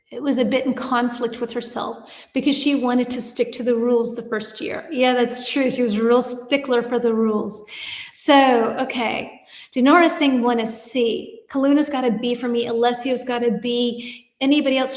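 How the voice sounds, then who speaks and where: Speaking at normal speed with fairly even intonation, this woman has a fairly high voice, a roomy sound, and a long reverb tail. She lives in Germany and hosts live English lessons from her home studio, cheerfully reading comments and laughing at her own slip-ups.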